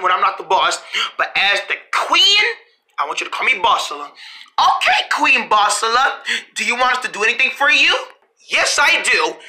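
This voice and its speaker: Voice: medium pitch, sharp tone. A storyteller acting out a playful, bossy back-and-forth among several characters, switching voices as they go. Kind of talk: playful improvised character play.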